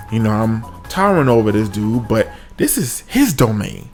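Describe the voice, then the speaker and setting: A man telling a comic story from his own life, with sudden high-pitched exclamations. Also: animated, fairly quick, few pauses. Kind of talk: comedic story time. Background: faint music.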